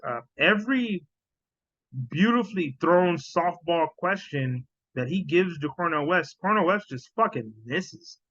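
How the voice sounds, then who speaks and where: A man's voice: a little high, fairly bright tone, no echo, dull audio. A man hosting a podcast, reacting to clips in casual commentary, scornful and profane, often repeating himself.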